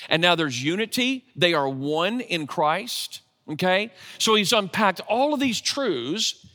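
A man preaches a conversational sermon, often turning to the congregation with questions. His voice sits a little high and bright. It carries with a long reverb, as in a large church hall. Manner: conversational, asks the audience questions. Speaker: pastor.

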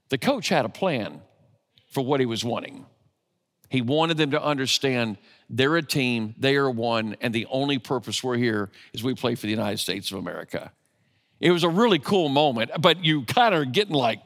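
A man preaches a conversational sermon, often turning to the congregation with questions. His voice sits a little high and bright. It carries with a long reverb, as in a large church hall. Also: lively intonation, normal speed. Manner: conversational, asks the audience questions. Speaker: pastor.

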